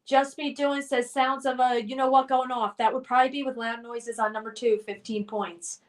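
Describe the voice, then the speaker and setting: A woman's voice: on the high side, flat delivery, normal speed, far from the mic. A woman hosting a casual live stream game, reading out viewers' comments and cheering them on. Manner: reads viewer comments aloud, cheerful and encouraging.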